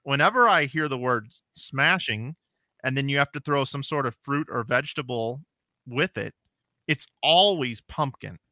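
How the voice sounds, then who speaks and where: A man in his forties talks in an easy, casual way, circling back and restarting as he pokes fun at himself. His voice is very bright and sharp. It is recorded close and dry, with no room sound. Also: mid-range voice, expressive, moderate pace, no echo. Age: 40s. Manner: rambling, self-deprecating storyteller with many restarts. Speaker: podcast co-host. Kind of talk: casual chat.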